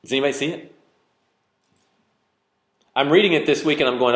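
A man's voice: mid-range voice, fairly quick, pauses often, a bit bright, roomy sound. A man preaching a sermon, reading scripture aloud and arguing over it with growing intensity. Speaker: pastor.

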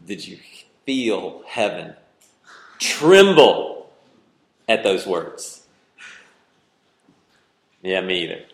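A man's voice: low-pitched, very animated, drawn-out words, pauses often. A man, preaching a sermon in a conversational way and teasing the congregation with questions. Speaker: pastor. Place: church hall with congregation. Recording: echoey church hall.

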